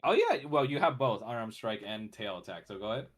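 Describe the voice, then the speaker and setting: A man running a tabletop roleplaying game as game master. He narrates in a relaxed way with filler words and laughs often. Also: medium pitch, brisk.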